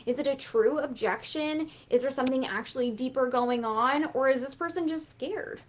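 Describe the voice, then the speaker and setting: A woman business coach giving a casual motivational talk, animated and swearing freely as she acts out quotes. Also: high voice, normal speed, a little hiss or hum.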